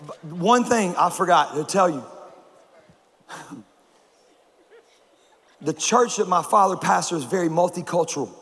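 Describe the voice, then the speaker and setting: A man from North Carolina, a conference speaker, preaching with animated comic stories and laughing at his own jokes on a stage mic. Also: high-pitched, measured pace, pauses often. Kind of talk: sermon with comic storytelling. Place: large conference hall. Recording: echoey hall, faint noise.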